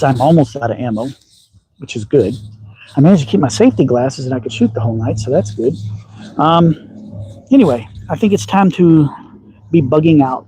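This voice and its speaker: A man's voice: on the high side, mellow, slight background noise, rough recording. A middle-aged man from Texas with a slight Southern accent, chatting casually and folksily on a livestream from his backyard shooting range. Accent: slight Southern with a touch of upper Midwest. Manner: folksy and rambling, with frequent ums. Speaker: slingshot channel host.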